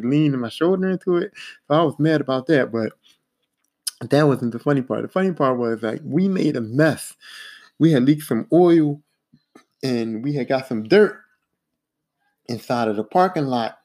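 Animated, profane man telling work stories. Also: mid-range voice. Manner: animated, profane, repetitive, acts out quotes in a raised voice. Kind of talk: casual anecdotal storytelling.

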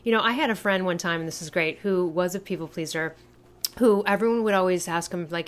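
A woman's voice: fairly low pitch, brisk. A woman in casual conversation, telling a story emphatically and swearing freely. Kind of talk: casual chat.

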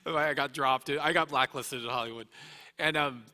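A guest speaker gives an earnest, emotional personal testimony, often restarting his sentences as he tells his story. His voice has medium pitch, a sharp tone and a moderate pace, recorded with echoey hall reverb.

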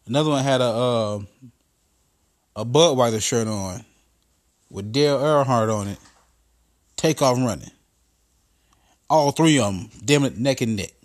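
Profane, rambling comic storyteller man. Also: medium pitch. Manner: animated storytelling with frequent stammered restarts. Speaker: podcast host. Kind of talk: profane comedic rant.

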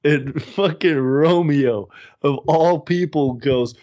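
A man's voice: a little high, slow, darkish tone. A young man co-hosting a casual podcast chat, laid-back and swearing casually. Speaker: podcast co-host. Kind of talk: casual chat recapping a reality show. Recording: slightly dull lo-fi audio.

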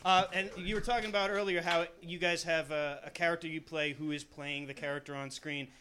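A man's voice: on the high side, fairly even intonation, fairly quick, sharp tone, slight background noise. A young man from the audience asking the panel a question, casual and enthusiastic. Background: audience crowd.

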